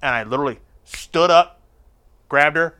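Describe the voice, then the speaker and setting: A man's voice: fairly high pitch, moderate pace, clear, resonant tone. A man telling a crude story in casual, profane chat and acting out the voices of the people in it. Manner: profane, animated, acts out the voices of people in his stories.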